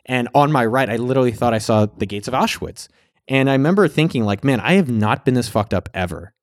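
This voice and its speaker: A man's voice: medium pitch, expressive, a little fast. A man tells a personal story straight to the camera in a casual, candid way. He swears freely and acts out the things he said at the time. His voice sits in the middle of the male range, and the recording is dry with no room echo. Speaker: vlogger.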